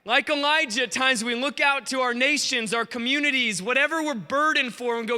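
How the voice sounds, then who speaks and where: A man preaching an energetic sermon, telling a story with acted-out voices and questions to the crowd. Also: extremely high pitch, a little fast, hardly any pauses, clear, resonant tone. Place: large conference hall. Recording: long hall reverb.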